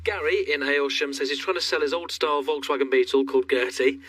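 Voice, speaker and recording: A man's voice: medium pitch, fairly even intonation, fast talker, a bit bright, husky, no echo, far from the mic. A man co-presenting a radio show, reading out messages in a dry, matter-of-fact way. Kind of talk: studio radio banter.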